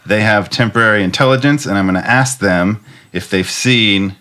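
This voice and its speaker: A man's voice: lowish voice, moderate pace, pushed and bright. A man playing in a tabletop game, chatty and apologetic as he reads out rules and talks to the others. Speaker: player.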